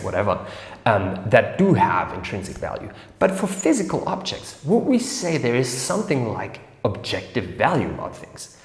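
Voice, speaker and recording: A man hosting an educational series, explaining ideas in a casual, animated way and acting out little scenes in different voices. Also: medium pitch. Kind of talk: casual explainer talk to camera. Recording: echoey room with long reverb.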